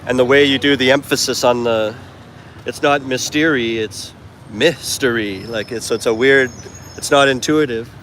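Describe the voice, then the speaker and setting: A man's voice: mid-range voice, steady tone, moderate pace, a bit bright. Chatty man vlogging on a busy street. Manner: rambling, chatty, self-correcting asides. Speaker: travel vlogger. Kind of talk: casual walking vlog. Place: busy city street market outdoors. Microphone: handheld phone. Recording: street noise behind the voice. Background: traffic and street noise.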